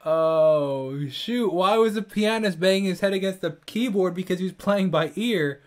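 A man's voice: high voice, fairly quick. A man hosting a casual livestream, reading viewer jokes aloud and trying not to laugh. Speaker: livestream host.

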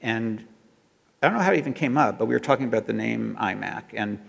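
A man with a lowish, gravelly voice talks fast and expressively, and a long reverb tail trails his words. He's recounting his advertising work as an anecdote for an audience, chatty and full of fillers and restarts.

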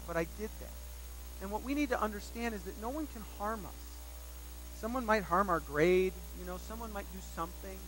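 A man's voice: high voice, noisy background. A man pastor preaching a sermon, emphatic and repeating key phrases for weight, telling personal stories with self-deprecating humor.

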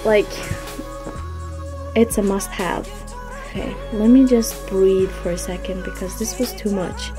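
A woman's voice: medium pitch, a little slow, long pauses, low-quality recording. A young woman vlogging an album unboxing, gushing with breathless fan exclamations. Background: faint background music.

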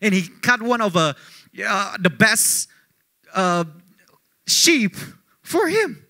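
Lively, bright-voiced youth pastor preaching. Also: male voice, high voice, takes it slowly, pauses often. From Korea. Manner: swings between loud emphatic peaks and hushed storytelling; addresses the youth crowd directly, asks for raised hands. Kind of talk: youth sermon with personal story.

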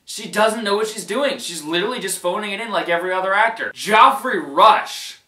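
Male reviewer, high and sharp voice, exasperated casual rant with frequent laughs, echoey room. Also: animated, fairly quick. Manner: exasperated, emphatic, repeats himself, laughs often. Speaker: movie reviewer.

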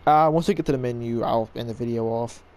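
Excitable young man commentating gameplay. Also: mid-range voice, quick pace. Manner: excitable, trash-talking, rambling. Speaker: gaming YouTuber.

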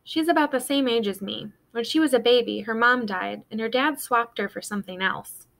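A woman's voice: a little high, moderate pace, creaky, fairly bright tone. A woman voicing an earnest young boy who defends his secret.

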